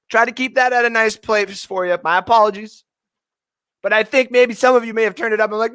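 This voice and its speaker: A profane, heated man hosting a fantasy football talk stream, his voice sitting a bit high for a man. He flips between angry rants and quick start-or-sit advice, with the sound close and dry. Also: fairly even intonation, fairly bright tone, smooth, dry recording. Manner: profane, emotional ranting. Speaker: fantasy football show host. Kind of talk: live sports talk stream.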